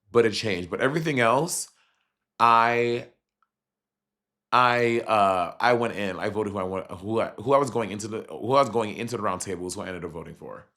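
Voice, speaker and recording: A man chatting casually on a livestream as he reacts to a reality show, animated and profane, with sudden jumps in pitch. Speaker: streamer reviewing a reality show.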